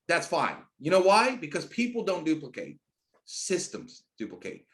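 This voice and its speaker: A middle-aged man giving a screen-share sales training, hyped and emphatic, talking in rapid runs that jump into loud, high bursts. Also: wildly swooping pitch. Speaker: network marketing trainer.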